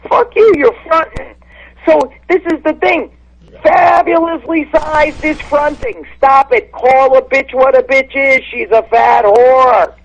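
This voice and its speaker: A woman's voice: high-pitched, creaky. A woman comedian calling into a podcast, talking bluntly in a brash, insult-comic manner. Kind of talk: phone-in podcast chat. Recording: muffled phone line.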